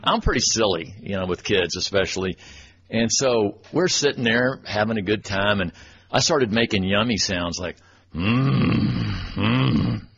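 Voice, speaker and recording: A man's voice: fairly low pitch, animated, moderate pace, a bit bright. A man from Texas giving a folksy, self-deprecating storytelling talk at church, chuckling as he goes. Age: 40s. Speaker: church speaker and webmaster. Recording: dull lo-fi recording with faint noise.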